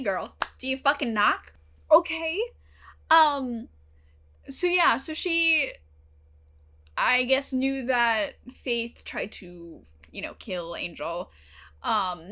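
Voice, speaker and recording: A young woman hosting her own channel, talking casually and emotionally to the camera, full of fillers and the odd swear word. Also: mid-range voice. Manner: emotional, animated, heavy use of fillers and swearing. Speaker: reaction channel host. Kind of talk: casual talk to camera about a TV episode.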